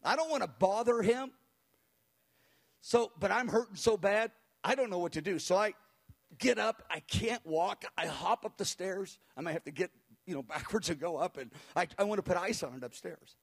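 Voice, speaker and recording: A man recounting a spiritual experience as an animated personal testimony, acting out the people he quotes and chuckling as he goes. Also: high voice, normal speed. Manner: acts out the people he quotes, with cries and hushed voices.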